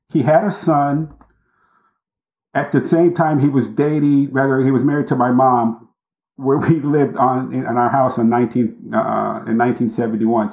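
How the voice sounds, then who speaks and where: Intense, deliberate male storyteller in roomy sound. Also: mid-range voice, a little mellow. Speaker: podcast guest. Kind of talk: storytelling in an interview. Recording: roomy echo.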